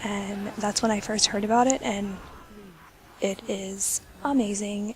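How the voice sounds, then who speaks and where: A woman's voice: medium pitch, steady tone, unhurried, slight background noise, rough recording. A young woman giving a casual gameplay tip as a voice-over, chatty with lots of ums and restarts, and she has hiccups. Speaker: game video creator.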